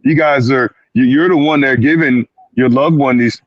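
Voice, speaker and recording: A man's voice: mid-range voice, moderate pace, dry recording, lo-fi sound. A male clinician speaking as a guest on a panel, emphatic, repeating his words and often slipping into quoted asides. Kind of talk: panel discussion.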